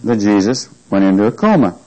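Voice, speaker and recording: A man's voice: on the low side, very animated, brisk, mellow, highs cut off. A man teaching a Bible class, reading scripture aloud and quizzing his listeners with questions.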